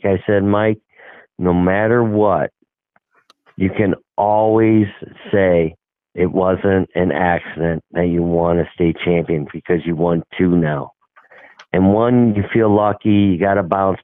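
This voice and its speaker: Middle-aged coach, low voice, rambling anecdote, phone-line sound, dry. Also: male voice, dry recording. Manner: rambling, acts out quoted dialogue. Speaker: hockey coach. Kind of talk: casual storytelling.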